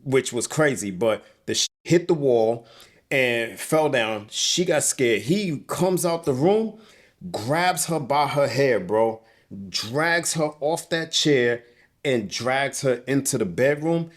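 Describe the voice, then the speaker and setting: A man's voice: mid-range voice, lively intonation, takes it slowly. Young male interview guest, heated and profane, storytelling with lots of "bro". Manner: agitated, profane, repeats "bro". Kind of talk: emotional storytelling. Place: indoors on a couch.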